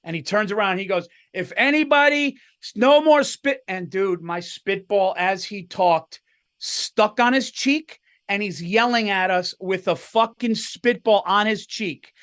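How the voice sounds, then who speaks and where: A middle-aged man telling stories on a podcast, his voice sitting a bit high. He swears freely and laughs through his own tales in loose, casual chat. The sound is dry and close to the mic. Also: steady tone, measured pace, a bit bright, no room sound. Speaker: podcast co-host.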